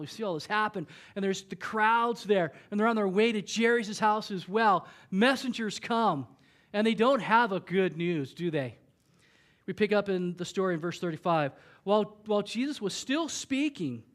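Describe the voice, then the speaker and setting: A man with a high, light voice preaches a sermon in a church. He talks to the congregation in a conversational way and briefly acts out the voices of the people in the story. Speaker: pastor.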